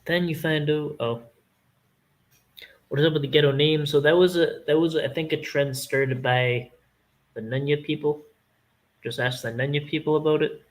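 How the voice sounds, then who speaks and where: A man's voice: fairly high pitch, steady tone, normal speed, pauses often, low-quality recording. A man with a Canadian accent chatting casually on a stream, rambling, joking and swearing freely. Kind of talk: casual chat.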